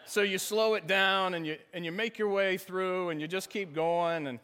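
A man's voice: high-pitched, fairly even intonation, normal speed, bright, forceful tone, clear, resonant tone. A man preaching a sermon, telling a funny story about a race and laughing often. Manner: storytelling, self-deprecating humor, laughs often. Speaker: pastor.

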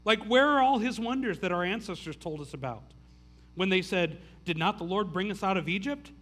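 Pastor, male, high and bright tone, casual sermon with stumbling restarts. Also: lively intonation, a little fast. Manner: casual, stammering restarts, frequent "like". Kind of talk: conversational sermon.

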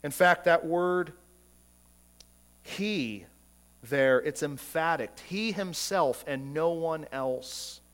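A male pastor delivers a sermon in a fairly high voice, taking his time over each phrase. He preaches emphatically, asking rhetorical questions and stumbling over repeated words as he builds his point. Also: takes it slowly.

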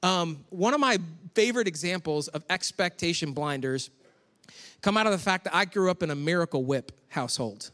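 Man, pastor, high voice, animated conversational sermon, church sanctuary, long reverb. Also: moderate pace. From Western New York. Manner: animated, chatty asides to the congregation.

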